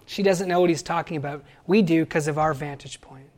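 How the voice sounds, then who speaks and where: A man giving a sermon, lively and conversational, acting out quoted voices and asking the listeners questions. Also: on the high side, a little fast. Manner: animated, acts out quoted voices. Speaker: pastor.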